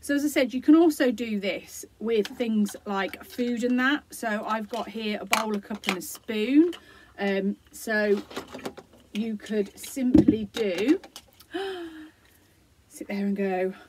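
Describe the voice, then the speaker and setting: A woman explaining, gently and encouragingly, how parents can use a song for self-care routines, with many fillers. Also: mid-range voice, unhurried, very noisy. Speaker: early years support practitioner. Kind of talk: instructional video for parents.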